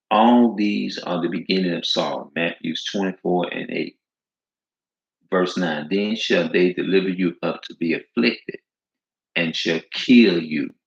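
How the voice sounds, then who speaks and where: A man with a very low, gravelly voice preaches in a loose, slangy way, hammering each point by repeating it. He reads scripture aloud between his remarks. The sound is roomy and echoey, with a dull, lo-fi edge. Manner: emphatic, repetitive, slangy, drawn-out stresses. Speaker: street preacher. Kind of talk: informal preaching with scripture reading.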